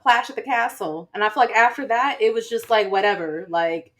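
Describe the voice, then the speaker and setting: A woman's voice: mid-range voice, brisk, fairly bright tone. A woman co-hosting a casual chat, talking loosely with many fillers and frequent laughter. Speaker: podcast co-host. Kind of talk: casual chat about wrestling.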